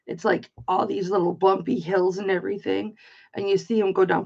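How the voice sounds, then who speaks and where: Talking a little fast, a middle-aged Michigan woman hosts a casual online auction stream, chatting bluntly, cursing freely and rambling through a story. Her mid-range voice carries vocal fry and a breathy edge. The stream's lo-fi sound is slightly dull.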